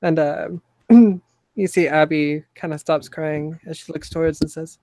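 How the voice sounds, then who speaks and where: Man, game master, relaxed narration, slightly high, dry mic. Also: unhurried, no room sound. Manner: laid-back, chuckling.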